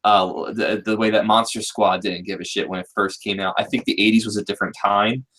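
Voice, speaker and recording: A man's voice: lowish voice, fairly even intonation, a little fast, a bit bright. A man in his thirties hosting a casual group talk, rambling with many fillers and restarts. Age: 30s. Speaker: podcast host.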